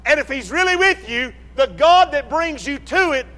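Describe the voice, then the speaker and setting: A man preaching a sermon with slow emphatic delivery, rising to shouts and dropping low. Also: expressive, long reverb tail.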